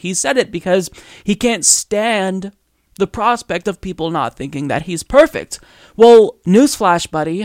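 A man's voice: high voice, no echo, clean studio sound. A male podcast host delivering political commentary as an exasperated rant, full of rhetorical questions and swearing.

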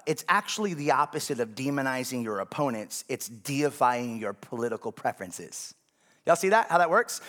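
A man's voice: a little high, fairly bright tone. A male pastor delivers a sermon in a church. His tone is conversational, and he keeps asking the congregation whether they follow him.

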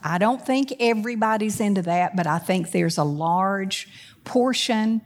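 A woman preaching a sermon. She swings between loud, emphatic preaching and quick conversational asides, often putting questions to the congregation. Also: medium pitch.

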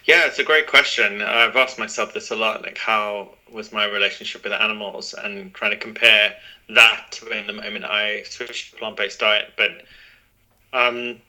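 Chatty man as guest, very bright and sharp tone, lots of ums. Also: fairly low pitch, fairly even intonation, moderate pace, poor audio. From Zimbabwe. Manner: friendly, chatty, with many fillers. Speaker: podcast guest. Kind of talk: casual interview.

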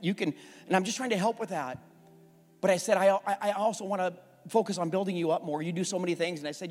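Pastor guy, 40s, candid sermon story, gets loud then goes real soft, faint music behind. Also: on the high side, fast talker. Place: church sanctuary. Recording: church hall with long reverb and faint music.

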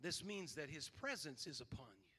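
A man's voice: a little high, expressive, normal speed, sharp tone, breathy edge, in a large hall. A man pastor preaching a fervent sermon, quoting scripture and calling on the congregation to respond.

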